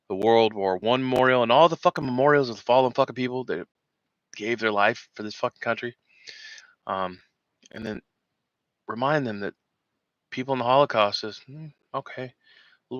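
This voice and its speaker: A man's voice: fairly low pitch, sharp tone, dry recording, lo-fi sound. A man hosting a veterans' show, ranting in heated, rambling, profane commentary.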